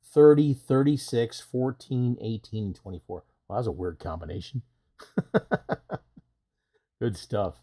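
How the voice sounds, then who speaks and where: Host: middle-aged man, folksy and chatty, lowish voice. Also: normal speed, few pauses, warm tone. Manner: chatty, folksy, calls viewers brother. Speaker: live stream host. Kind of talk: casual live stream chat.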